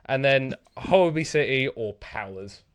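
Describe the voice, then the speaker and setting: A man's voice: medium pitch, animated, measured pace. Young man co-host, rambling storyteller. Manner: rambling storyteller, acts out quoted lines. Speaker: podcast co-host and quiz host. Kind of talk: casual podcast chat.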